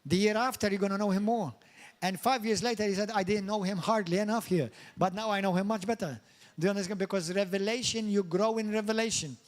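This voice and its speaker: A middle-aged man from Malta preaches in a church hall, his voice sitting high for a man. He is animated and throws questions at the congregation, then climbs into playful, mocking high voices. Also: fast talker. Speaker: pastor. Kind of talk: sermon.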